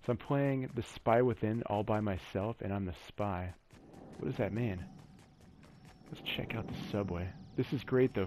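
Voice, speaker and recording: A man's voice: on the low side, noisy background. A man giving easygoing, chatty commentary while exploring a video game map alone, cracking corny jokes as he goes. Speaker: gaming channel host. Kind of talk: solo gameplay commentary.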